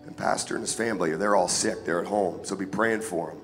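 Low hoarse sniffly guy preaching at church, jokey, keeps asking for amens, music under it. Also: a little fast, a bit bright. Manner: casual, joking, calls for amen. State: congested, sniffling and hoarse from a cold. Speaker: guest preacher. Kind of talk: sermon. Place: church sanctuary.

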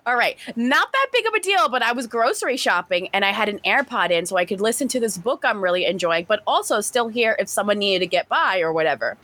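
A woman podcast host reading a story aloud and chatting, animated and swearing casually. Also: medium pitch, quick pace, hardly any pauses, no room sound.

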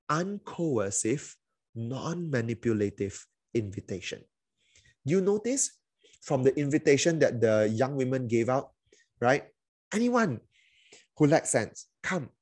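A man preaches a sermon as a pastor, chatty and full of fillers, restarts and little acted-out quotes. His voice sits in an ordinary middle pitch and the recording is dry and close, with no room sound. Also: darkish tone, slightly rough, dry recording.

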